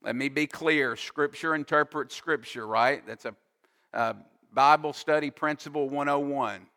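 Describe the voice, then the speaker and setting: Pastor, male, slow, emphatic sermon delivery, slightly high voice, bright tone, long hall reverb. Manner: slow, emphatic preaching with explanatory asides. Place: church sanctuary.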